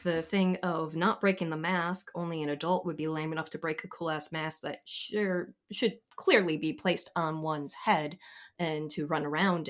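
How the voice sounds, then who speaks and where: A woman arguing the defense on a movie podcast, playful and mock-formal. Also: fairly low pitch. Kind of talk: comedic mock-trial argument.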